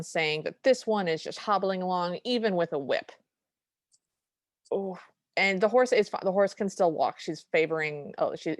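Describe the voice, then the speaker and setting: A woman with a voice on the low side co-hosts a podcast, chattily recapping a film and quoting its lines in a casual conversation. The recording is dry.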